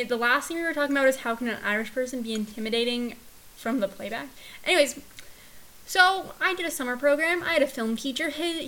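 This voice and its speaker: A woman's voice: fairly high pitch, a bit bright, poor audio. A young woman co-hosting a podcast, talking in an emphatic, rambling way and swearing casually. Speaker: podcast co-host. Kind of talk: casual chat.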